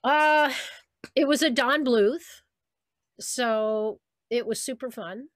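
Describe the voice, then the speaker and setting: A woman voice actress chatting on a video call, telling lively stories about her work and slipping into the voices of people she quotes. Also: fairly high pitch, slow, dry recording. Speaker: voice actress guest. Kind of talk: casual interview on a video call.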